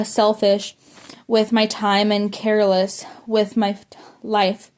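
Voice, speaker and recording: A woman reads a memoir aloud as an audiobook, her voice medium in pitch and dark in tone. Now and then she stumbles over words and starts them again.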